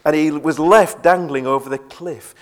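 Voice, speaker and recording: A man's voice: fairly high pitch, moderate pace. Earnest male preacher giving a sermon. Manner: earnest, repeats words when stressing a point.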